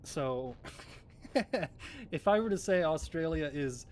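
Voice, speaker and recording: A man's voice: fairly high pitch, lively intonation, slow pace, darkish tone. A man from New Zealand streaming a game, chatting casually in a rambling, joking and profane way. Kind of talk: casual chat while gaming.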